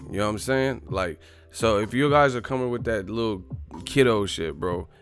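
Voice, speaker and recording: Brief: boxing vlogger, lowish voice, profane casual rant, faint music behind. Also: male voice, moderate pace. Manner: profane, rambling, exasperated. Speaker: boxing channel host. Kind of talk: casual ranting vlog.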